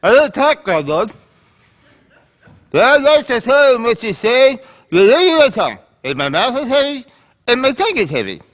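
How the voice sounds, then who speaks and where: A stammering, reluctant Moses who keeps tripping over his words, as a preacher puts him on. His voice is high and bright, and it swings about a lot. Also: very animated, normal speed, long pauses, exaggerated voice. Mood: flustered. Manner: stuttering, tongue-tied.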